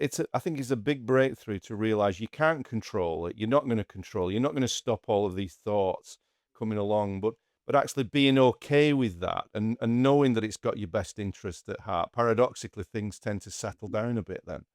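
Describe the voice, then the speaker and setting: A man's voice: fairly low pitch, fairly quick, no room sound, clean studio sound. A man hosting a podcast interview, asking long, thoughtful questions with a few restarts. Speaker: podcast host. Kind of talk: casual interview conversation.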